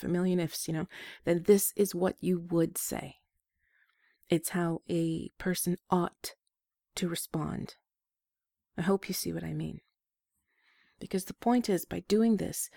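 A woman hosting an advice show, talking gently and self-deprecatingly, with small laughs between points. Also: on the low side, gravelly, no echo, studio quality. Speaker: advice podcast host. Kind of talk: scripted advice talk.

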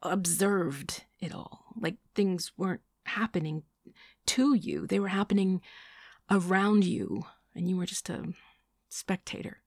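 A woman's voice: fairly low pitch, lively intonation, a little slow, a little mellow, dry recording, studio quality. A woman voicing a blunt, evasive man who hesitates and then speaks frankly about a breakup.

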